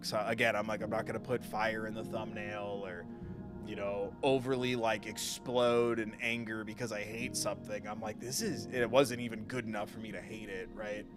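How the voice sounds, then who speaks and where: A man's voice: on the low side, level tone, normal speed. A male gaming streamer chatting casually during a live stream, venting with frustration and frequent swearing. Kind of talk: casual live gameplay chat. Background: game music.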